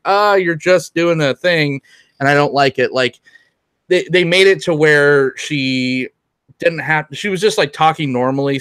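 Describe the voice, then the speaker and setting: A man's voice: fairly high pitch, fairly bright tone, no room sound. A man co-hosting a casual podcast chat, rambling with many restarts. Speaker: podcast co-host.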